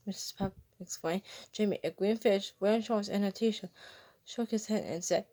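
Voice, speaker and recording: A woman narrating a homemade fan story. Her reading is halting, with frequent slips and restarts over the words. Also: mid-range voice, fairly even intonation, darkish tone. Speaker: reader. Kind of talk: fan fiction read-aloud.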